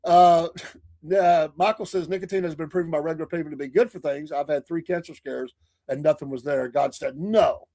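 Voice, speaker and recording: A man's voice: a little high, brisk, dark tone. Rambling man spinning yarns. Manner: rambling storyteller with many restarts and fillers. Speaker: co-host reading viewer comments. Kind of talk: casual livestream chat.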